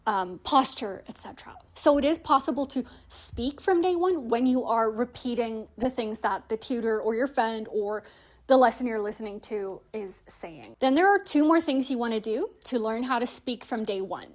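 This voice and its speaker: A woman's voice: on the high side, lively intonation, normal speed. A young woman hosting a language-learning video, explaining tips in a chatty, friendly way with frequent "like" fillers. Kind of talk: casual explanatory vlog.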